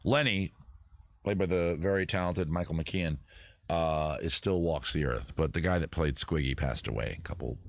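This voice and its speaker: A man hosting a casual live stream, rambling and joking at a close tabletop boom mic. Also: normal speed, no room sound. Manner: rambling, jokey, self-interrupting. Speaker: host.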